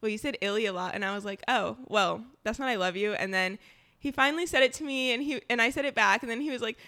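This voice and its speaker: Young woman, high bright voice, giggly, chatting about dating stuff. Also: fast talker. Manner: giggly storytelling, acts out quotes. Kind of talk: casual chat.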